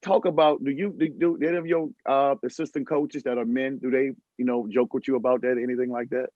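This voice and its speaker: A man hosting a podcast, asking relaxed, rambling questions in casual chat. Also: mid-range voice, fast, dry recording. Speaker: podcast host. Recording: muffled lo-fi audio.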